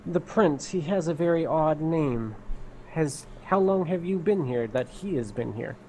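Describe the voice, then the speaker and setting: Male player, mid-pitched voice, formal and courteous in character, faint background hiss. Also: expressive, measured pace, dark tone, rough recording. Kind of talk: in-character role-play at a tabletop game.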